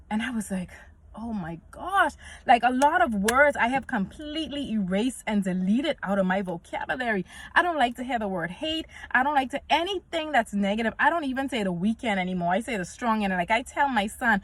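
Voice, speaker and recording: A woman's voice: fairly high pitch, a bit bright. A woman, giving an earnest, faith-filled vlog talk and quoting scripture. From Bahamas. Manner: earnest and preachy, quotes scripture, acts out little dialogues. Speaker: vlogger. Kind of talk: casual faith-based talk to camera.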